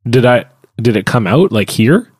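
A man's voice: medium pitch, big pitch swings, moderate pace, darkish tone, slightly rough. Casual male podcast host, teasing. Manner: loose and teasing, swears casually. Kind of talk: casual chat.

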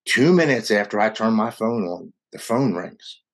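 A man with a low, husky voice recounts his own hard story to an interviewer. He talks in an earnest, unguarded way, rushing some lines and dragging others as the feeling takes him. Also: animated. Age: adult with young children. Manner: earnest, raw, quickens and slows with emotion. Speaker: guest sharing his recovery story. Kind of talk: candid personal storytelling.

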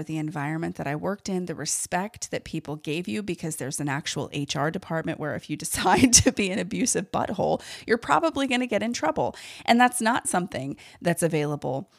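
Woman podcast host, somewhat low voice, frank and emphatic, casual delivery, dry close sound. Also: expressive, normal speed, creaky, few pauses, no room sound. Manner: candid, emphatic, uses many fillers. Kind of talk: casual solo podcast commentary.

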